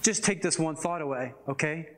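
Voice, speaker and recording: A young man preaching a casual, animated sermon, reading scripture and adding chatty asides. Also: on the high side, normal speed. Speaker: pastor.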